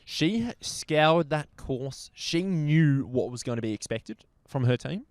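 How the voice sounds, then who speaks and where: A man's voice: a little high, expressive, a little slow, no echo, studio quality. An Australian man co-hosting a cycling show, talking in a laid-back, jokey way and calling his co-host mate. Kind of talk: casual sports chat.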